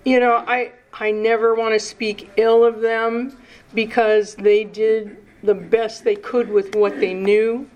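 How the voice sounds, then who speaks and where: A woman in her sixties sharing her recovery story at a meeting, nervous and emotional, halting and starting over, with the odd curse. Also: fairly high pitch, level tone, darkish tone, poor audio. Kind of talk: personal recovery share.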